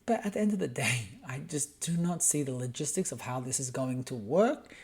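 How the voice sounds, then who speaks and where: Aussie guy on his podcast, fired up and swearing a lot, mid-pitch voice. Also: lively intonation, moderate pace, a little mellow. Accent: Australian. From Australia. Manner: heated, profane ranting. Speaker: podcast host. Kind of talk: solo podcast rant.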